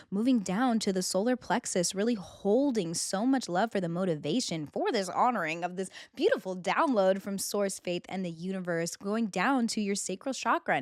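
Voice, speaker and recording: A young woman hosts a spiritual podcast in a heartfelt, earnest voice. Her pitch sits in a middle range. The sound is dry and close, with no room around it. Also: a little mellow, no echo. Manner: heartfelt, gets emotional and laughs through tears. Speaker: podcast host. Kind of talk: spiritual self-help monologue.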